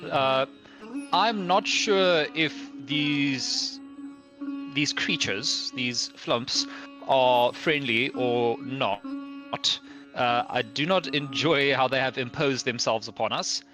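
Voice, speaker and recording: A man playing a tabletop game, speaking in character hesitantly, stammering, with polite formal phrasing. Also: mid-range voice. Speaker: player. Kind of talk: casual in-character play.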